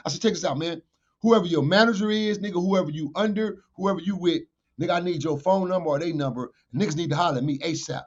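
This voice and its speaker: A man with a fairly high voice spins a street tale as a podcast guest, animated and profane throughout. He jumps into loud bursts whenever he quotes himself. The audio is dull and lo-fi. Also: brisk, breathy edge.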